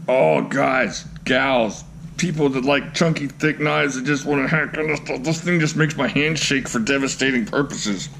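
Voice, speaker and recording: Male vlogger, mid-range voice, excitable and jokey in casual show-and-tell, a slight hiss behind him. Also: mid-range voice, moderate pace, creaky. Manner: excitable, gushing exclamations and goofy jokes. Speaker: knife collector, channel host.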